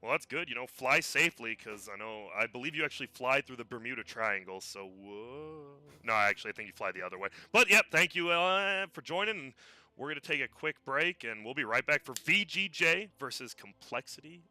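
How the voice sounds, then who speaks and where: A man's voice: mid-range voice, animated, brisk, bright, forceful tone. A man commenting on a live esports match in a casual, chatty way, often restarting his words, with a headset mic.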